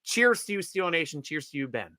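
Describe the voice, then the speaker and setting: A man's voice: on the high side, very animated, fast talker, sharp tone, no echo. A man hosting a casual sports draft show, joking and rambling, laughing often. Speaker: podcast host.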